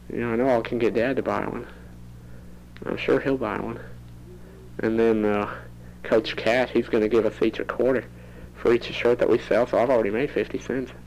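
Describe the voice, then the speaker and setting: A man's voice: mid-range voice, gravelly, darkish tone, a little hiss or hum, poor audio. A teenage boy rambling into a home cassette recorder for his audio diary, chatty and prone to giggling. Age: teens. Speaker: student keeping a tape diary.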